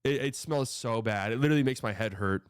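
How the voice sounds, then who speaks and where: Man, sports reaction host, loose profane rambling talk, mid-pitched voice, dry close sound. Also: fast, smooth, no echo. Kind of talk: casual reaction commentary.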